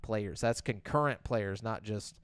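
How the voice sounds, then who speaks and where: A man co-hosting a podcast, reading gaming news items in a relaxed way with fillers and frequent laughs. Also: fairly low pitch, unhurried, clear, resonant tone, no echo. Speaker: podcast co-host. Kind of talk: casual chat, reading game news.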